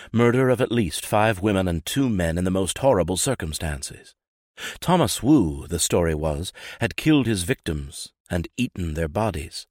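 A man with a very deep voice reads a grim true account in a steady, grave, measured way. The recording is dry and close, with no room echo. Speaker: author and narrator. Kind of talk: scripted narration.

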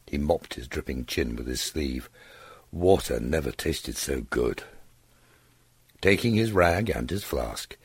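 A man narrating an audiobook story in a steady, expressive way on a close studio mic. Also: very deep voice, husky, no room sound. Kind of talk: scripted narration.

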